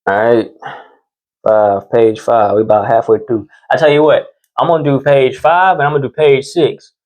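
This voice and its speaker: Male podcast host, casual, profane, animated storyteller. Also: medium pitch, normal speed.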